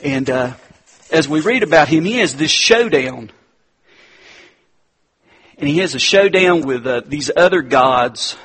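A man preaching in a relaxed, conversational way, calling his listeners "guys". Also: a little high, measured pace, long pauses, slightly rough. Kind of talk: conversational sermon.

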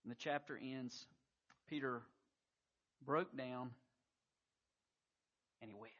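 A man's voice: medium pitch, steady tone, slow pace, a bit bright, lo-fi sound. A man preaching a sermon, telling a scripture story with emphatic surges of intensity. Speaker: pastor.

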